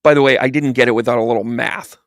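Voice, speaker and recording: Talking at a quick pace and medium pitch, a medium chats his way through a livestreamed tarot reading. He's an animated storyteller who acts out quoted voices, and the clean studio audio has no room sound.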